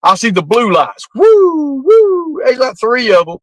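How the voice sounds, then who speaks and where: A man tells a long, rambling story in a high, lively voice. He laughs through it and curses freely. The sound is dry and close, with no room around him. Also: moderate pace, no room sound, low-quality recording. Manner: rambling, laughing through the tale, coarse language. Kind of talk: casual spoken storytelling.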